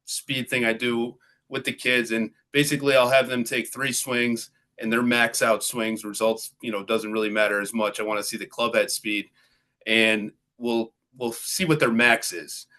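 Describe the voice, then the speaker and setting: A man's voice: mid-range voice, little pitch movement, moderate pace, bright, forceful tone. A middle-aged man, a golf coach and guest, explaining in an easygoing way and often adding "you know" and "right". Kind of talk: casual interview talk.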